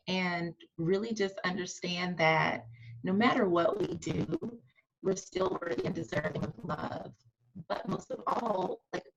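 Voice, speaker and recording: A woman's voice: lowish voice, creaky, muffled recording, a little hiss or hum. A woman guest on a podcast who talks in an earnest, encouraging, coaching way. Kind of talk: casual conversational interview.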